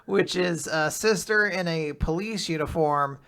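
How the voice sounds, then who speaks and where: A young man co-hosting a casual manga recap, retelling chapters with animated quoted character lines. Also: a little high, a little slow, clear, resonant tone. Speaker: podcast co-host.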